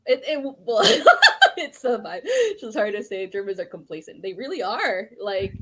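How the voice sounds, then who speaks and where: A woman's voice: on the high side, very animated, normal speed, sharp tone, breathy edge. A woman guest in a casual podcast chat, telling stories animatedly, laughing a lot and swearing freely.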